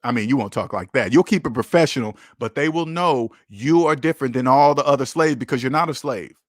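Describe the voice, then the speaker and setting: A man's voice: medium pitch, brisk, no room sound, clean studio sound. A man hosting a casual livestream, talking bluntly and emphatically, with profanity and lots of repetition. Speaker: livestream host.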